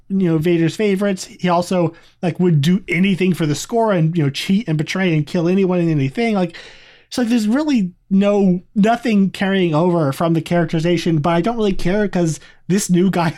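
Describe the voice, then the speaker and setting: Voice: medium pitch, moderate pace, mellow. A podcast co-host in a casual review chat, talking in a chatty, rambling way with many asides.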